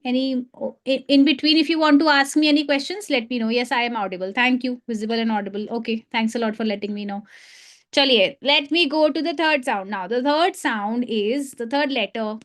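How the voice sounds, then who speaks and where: A woman's voice: a little high, a little fast, fairly bright tone. A woman with an Indian English accent, teaching phonics sounds in a live online lesson and drilling each sound through short repetitions. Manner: demonstrates letter sounds with short repeated drills.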